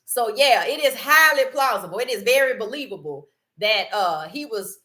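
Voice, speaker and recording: A woman hosting a live sports stream in casual chat, animated and laughing often as she greets viewers in the chat by name and speaks. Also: on the high side, moderate pace. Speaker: livestream sports host.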